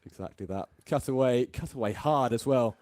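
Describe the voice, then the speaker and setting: A man from England doing live ball-by-ball cricket commentary, chatty and quick to laugh between deliveries. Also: medium pitch, a little mellow, dry recording.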